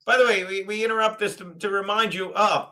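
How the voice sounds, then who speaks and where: Brief: raunchy fifties stream host, high-pitched and bright, rambling stories. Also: male voice, steady tone, quick pace. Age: 50s. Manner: crude, rambling, loud storytelling. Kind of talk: casual sports watchalong chat.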